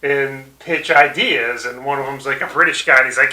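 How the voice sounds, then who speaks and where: A man's voice: moderate pace, pushed and bright, roomy sound, poor audio. A man co-hosting a casual episode review, laughing often and acting out quoted lines. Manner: laughs often, acts out quoted lines in high put-on voices. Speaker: podcast co-host.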